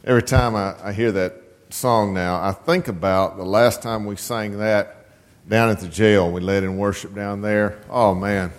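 Conversational pastor in a reverberant church. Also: male voice, on the low side, fairly even intonation, a little slow. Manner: conversational, chuckling, asks the congregation questions. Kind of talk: sermon. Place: church sanctuary.

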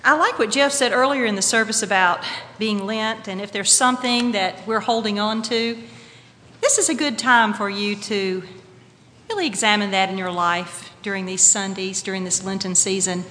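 A woman's voice: medium pitch, normal speed, sharp tone. A woman pastor giving a reflective sermon in a church. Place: church sanctuary. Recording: long church reverb, faint room noise.

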